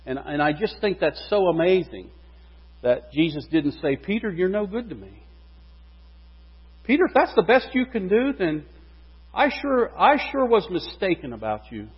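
A man preaches in an animated way, his slightly high, husky voice swinging up and down for emphasis. The recording is dull and lo-fi, with a long reverb that carries through the church hall. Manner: animated, voice rising and falling with emphasis. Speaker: pastor. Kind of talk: sermon.

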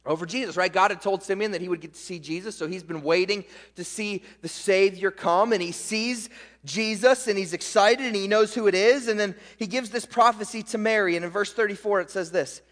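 High-voiced preaching man in a reverberant sanctuary. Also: a bit bright. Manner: emphatic preaching with rhetorical questions, slows for stress. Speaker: pastor. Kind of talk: sermon.

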